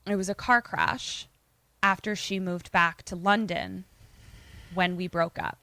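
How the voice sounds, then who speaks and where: A woman's voice: lowish voice, fairly even intonation, unhurried, gravelly, sharp tone, no room sound, exaggerated voice. Woman doing a sullen ghost man. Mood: mournful. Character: brooding jealous ghost man, dead lover.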